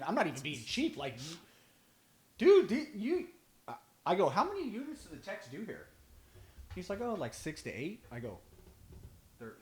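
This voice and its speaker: A man's voice: a little high, reverberant. A man telling stories in a casual podcast chat, acting out both sides of each conversation. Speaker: band drummer, podcast regular.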